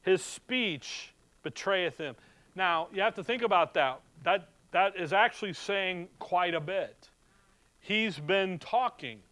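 A man's voice: high-pitched, unhurried, bright, forceful tone. A middle-aged man as a pastor, preaching in a conversational way and reading scripture aloud to his church. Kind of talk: sermon.

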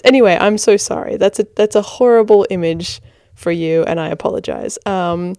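A young woman with a hybrid American-Australian accent hosts her podcast from a blanket fort in her bedroom, tired but giggly and sassy. Her voice sits a little low and mellow. The sound is dry and close. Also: normal speed, creaky, no echo. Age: 20s. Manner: giggly, self-deprecating, sassy. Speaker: podcast host. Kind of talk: casual podcast monologue.

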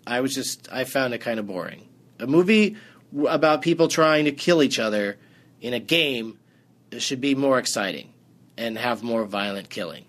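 A man in the middle pitch range hosts a short movie review segment. He talks casually, with a dry, sarcastic edge. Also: normal speed, fairly bright tone. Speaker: movie review podcast host.

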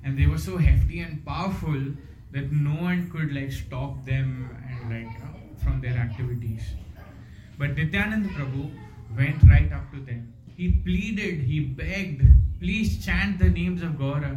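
A man's voice: on the high side, measured pace, dark tone. A man giving a devotional storytelling talk, earnest and full of rhetorical questions. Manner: earnest, fond of rhetorical questions and "you know". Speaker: devotional speaker. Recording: echoey hall with faint noise.

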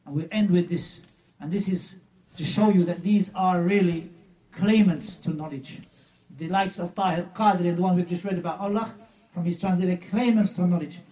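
A man delivers an emphatic sermon, slipping into scornful retellings of the claims he is criticizing. His voice sits high for a man. The microphone is some distance away, so he sounds a little removed. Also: fairly even intonation, fairly quick, warm tone. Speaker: preacher.

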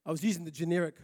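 A pastor who grew up in Fiji, giving a lively, conversational sermon and often checking in with listeners. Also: male voice, fairly high pitch. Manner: lively, conversational, often asks the crowd "right?".

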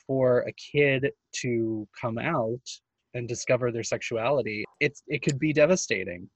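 A man's voice: medium pitch, a little slow, no echo. A male radio host thanking a guest on live radio, chatty and rambling into a comment.

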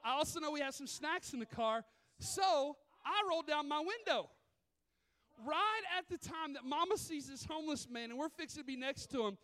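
In a church sanctuary, a pastor preaches a storytelling sermon, animatedly acting out other people's voices. He has a very high voice and a moderate pace.

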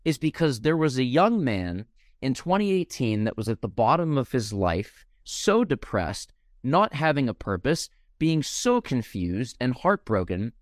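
A man's voice: mid-range voice, sing-song, a little slow, no echo, clean studio sound. A young man hosting a podcast interview, speaking with passion and heartfelt gratitude. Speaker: podcast host.

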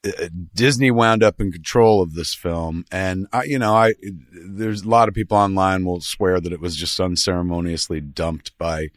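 A man's voice: low voice, steady tone, normal speed, few pauses, no echo, studio quality. A man hosting a casual film talk show, rambling loosely with lots of fillers and asides. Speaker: podcast host.

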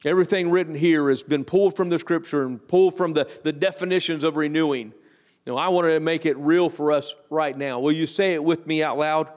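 Male pastor, higher voice, slow emphatic sermon delivery, church hall echo. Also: steady tone, darkish tone. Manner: slow emphatic scripture reading, drawn-out phrases. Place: church sanctuary. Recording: long church hall reverb.

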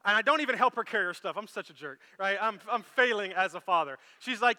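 A man preaching a sermon as pastor, animated and storytelling, acting out quoted lines. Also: sits high, quick pace, few pauses, big-room sound.

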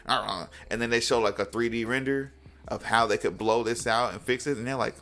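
Man, young adult, music producer, podcast guest, gravelly, casual storytelling, acts out other people's lines. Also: medium pitch, brisk. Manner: animated, mimics people in a raised voice.

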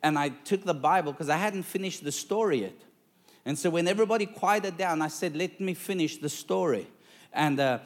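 A male preacher telling a story in a sermon, dramatic and lively, calling out to the congregation for responses. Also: fairly high pitch.

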